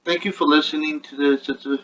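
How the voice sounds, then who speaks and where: A man's voice: on the high side, fairly even intonation, a little fast, fairly bright tone, slight background noise, poor audio. A young man venting about his health in a frustrated, rambling way, talking casually to camera at home. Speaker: vlogger. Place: at home with his dog on his lap.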